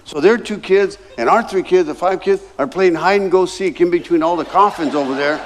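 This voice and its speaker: A man's voice: high-pitched, fairly quick, a little hiss or hum. A man in his sixties, a guest pastor telling a personal story in a sermon and acting out the other people's lines. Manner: animated, acts out voices in his anecdotes.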